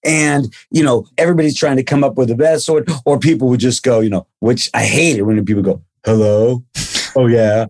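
A man, the host's cousin, talking as a podcast guest in a blunt, teasing way and slipping into quick impressions. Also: mid-range voice. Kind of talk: casual podcast chat.

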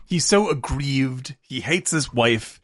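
A man co-hosting a podcast, animated and laughing often as he acts out scenes from films in quick impressions. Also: medium pitch, no room sound. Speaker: podcast co-host. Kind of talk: casual film discussion.

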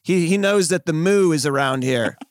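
A man's voice: fairly high pitch, moderate pace, no echo. A man co-hosting a podcast in casual chat, making dry, teasing jokes. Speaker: podcast co-host.

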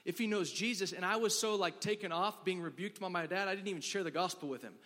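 Bright-voiced preacher in a reverberant hall. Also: male voice, sits high, fast. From Dallas. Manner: casual, filler-heavy storytelling with acted quotes. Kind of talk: sermon with storytelling.

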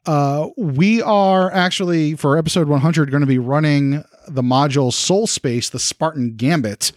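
A man running a tabletop game as game master, recapping the last session in a laid-back, halting way with many fillers. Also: fairly high pitch, darkish tone, dry recording, studio quality.

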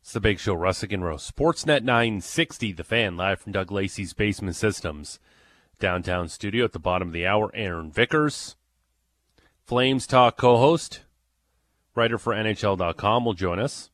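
A man hosting a sports radio show in a studio, brisk and joking with his guests. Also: on the low side, a bit bright, dry recording. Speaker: radio host.

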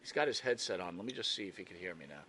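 A man's voice: low voice, lively intonation, very fast, fairly bright tone, slight background noise. A man hosting a podcast in casual chat, asking questions and steering the talk. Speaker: podcast host.

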